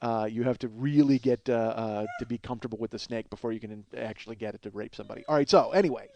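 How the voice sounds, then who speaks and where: A man's voice: mid-range voice, fast, gravelly, mellow, no echo. A man in his forties hosting a comedy podcast, rambling through absurd running bits and laughing at his own jokes. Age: 40s.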